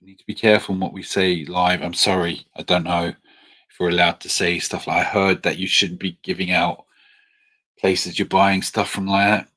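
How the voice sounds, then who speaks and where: A man with a very deep voice chats casually with viewers on a livestream. He is friendly and hesitant, filling pauses with ums and quick apologies. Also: flat delivery, bright, forceful tone. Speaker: livestream host. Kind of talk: casual live Q&A chat.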